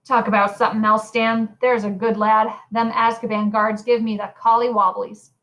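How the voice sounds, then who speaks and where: A woman doing a slow, gloomy old bus driver. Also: on the high side, little pitch movement. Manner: slow, dark and gruff.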